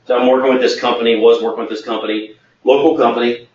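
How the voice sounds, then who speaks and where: A man's voice: mid-range voice, fairly even intonation, fast, a little mellow. A man as a sales trainer, telling a workplace anecdote in a training webinar and acting out the quoted dialogue. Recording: echoey, distant, muffled.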